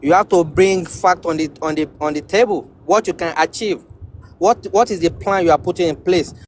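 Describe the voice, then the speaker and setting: A man's voice: high voice, normal speed, slight background noise. A man on a debate panel, insistent and lecturing as he presses others.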